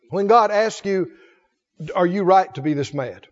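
A man preaching a sermon, folksy and animated, swinging from loud calls to low asides. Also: measured pace. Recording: dull sound with long hall reverb.

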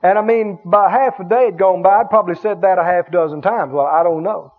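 High-voiced man preaching a sermon. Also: a little fast. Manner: emphatic preaching, drawing out key words, calling for responses. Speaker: pastor. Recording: dull lo-fi sermon recording.

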